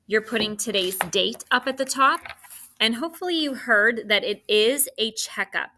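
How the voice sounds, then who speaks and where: A woman teacher dictating spelling sounds and words to students, with slow, clearly enunciated delivery. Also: mid-range voice, pushed and bright.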